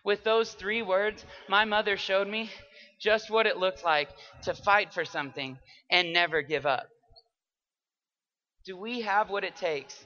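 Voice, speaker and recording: High, bright young man giving a dramatic speech. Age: young adult. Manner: dramatic, swings between hushed and loud. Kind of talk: memorized persuasive speech. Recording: dull lo-fi recording.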